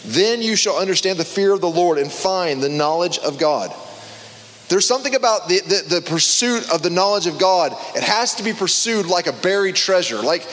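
A man preaching a casual sermon to a small group, conversational and animated, with frequent restarts and fillers. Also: high voice, normal speed, big-room sound.

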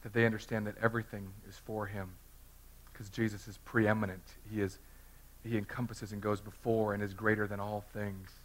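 A man preaching a sermon as pastor, swinging from hushed, intimate talk to loud, fervent passages and often repeating words. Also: lowish voice, little pitch movement, moderate pace.

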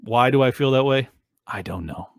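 A man's voice: medium pitch, animated, moderate pace, creaky, no echo, clean studio sound. A man hosting his own show, talking earnestly and emotionally to his viewers in a rambling way, with many fillers. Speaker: show host. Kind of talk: casual monologue to viewers.

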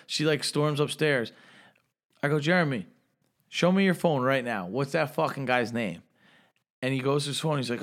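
A young man co-hosting a podcast, telling a drunken story in casual, profane chat and loudly acting out the people he quotes. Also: mid-range voice, moderate pace. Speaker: podcast co-host.

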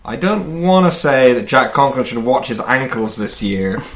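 Man, podcast co-host, rambling, self-deprecating, crude jokes, mid pitch. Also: animated, normal speed. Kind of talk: casual joking chat.

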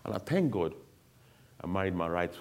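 A man's voice: deep voice, very animated, moderate pace, a little mellow. A man giving a candid, emotional personal testimony to an audience, speaking bluntly.

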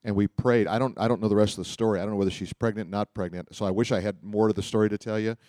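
A man's voice: fairly low pitch, steady tone, racing, dark tone, no room sound, clean studio sound. Rambling storytelling male pastor. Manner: rambling anecdotal storytelling with frequent restarts. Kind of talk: sermon storytelling.

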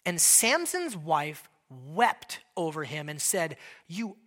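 A man's voice: on the high side, slow pace. A male pastor preaching a sermon in a conversational, joking way, acting out quoted lines with a raised voice. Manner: conversational, joking, animated Bible teaching.

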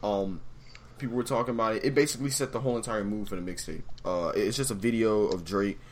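A man's voice: lowish voice, fast. A man hosting a casual online stream, rambling and swearing as he chats. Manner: rambling, laughs often, swears. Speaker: host.

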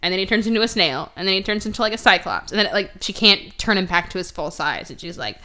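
A young woman hosting a podcast in casual chat, sarcastic, often slipping into quick mocking voices for characters. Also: medium pitch, animated, sharp tone. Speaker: podcast host.

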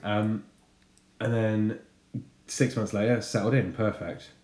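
A man in his thirties telling a funny story about his son in a casual, sweary, animated way. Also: on the low side, slow pace. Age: 30s. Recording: echoey room.

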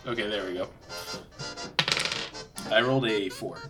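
A man with a fairly low voice plays a tabletop horror game. He is laid-back and wry. Clear music runs behind him. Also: measured pace. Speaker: player. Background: background music.

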